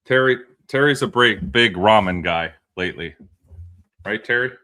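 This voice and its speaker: A man co-hosting a podcast, joking around with a tense, forceful edge to his voice. He sits a little low in pitch and laughs easily, swears freely and keeps the banter loose. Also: moderate pace. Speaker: podcast co-host. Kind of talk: casual banter.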